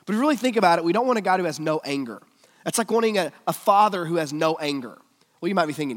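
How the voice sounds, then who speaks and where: A male preacher giving a sermon, swinging between loud emphatic lines and hushed, almost whispered ones. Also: on the high side, expressive, very fast, big-room sound.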